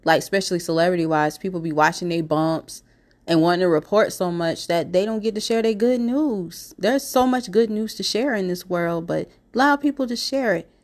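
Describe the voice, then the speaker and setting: A woman's voice: fairly low pitch, moderate pace. Stuffy-nosed woman chatting on her podcast. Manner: rambling, conversational, lots of "you know" and "like". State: stuffy from a cold. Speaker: podcast host. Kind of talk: casual solo podcast talk.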